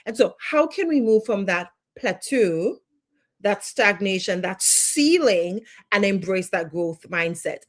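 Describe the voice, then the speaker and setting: A woman's voice: medium pitch, animated, slow pace. Woman coach, Jamaican accent, live online lesson; emphatic, builds points through repetition. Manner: emphatic, repeats phrases for effect. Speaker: life coach.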